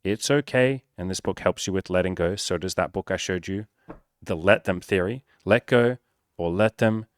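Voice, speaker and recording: Blunt, profane man with a low voice. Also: normal speed, dry recording, studio quality. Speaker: dating coach. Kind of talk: casual direct-to-camera advice.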